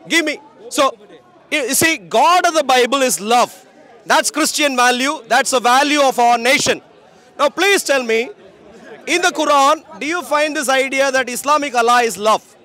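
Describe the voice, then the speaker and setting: A man preaching outdoors on a city street, loud and projecting as he argues with passersby. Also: very high-pitched. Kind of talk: open-air street preaching and debate.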